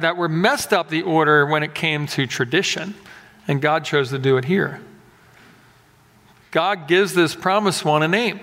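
A man's voice: high voice, sharp tone. A male pastor giving a sermon in a conversational, joking and emphatic way. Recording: echoey hall.

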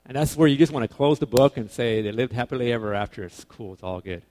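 A man giving a relaxed, conversational sermon to a young crowd. His voice sits at a middle pitch, jumping from loud, stressed points to hushed asides. He talks informally and corrects himself mid-sentence. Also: fast. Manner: animated, swings between loud emphasis and quiet asides; casual, self-correcting, informal phrasing. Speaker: preacher.

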